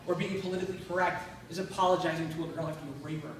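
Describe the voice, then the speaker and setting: A man's voice: a little high, fairly even intonation, rapid-fire. A man from Buffalo, New York, with a Western New York accent, doing a stand-up comedy set full of blunt, self-deprecating, crude jokes. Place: comedy club stage. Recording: very echoey room from far off, faint noise.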